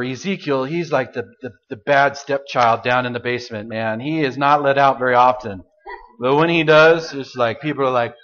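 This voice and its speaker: Animated high-voiced male preacher. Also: muffled recording. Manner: animated, swings from loud to hushed. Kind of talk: sermon.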